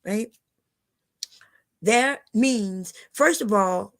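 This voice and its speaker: A woman's voice: medium pitch, slow. An older woman hosting a casual livestream, talking bluntly and lecturing her viewers, often calling them y'all. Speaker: livestream host.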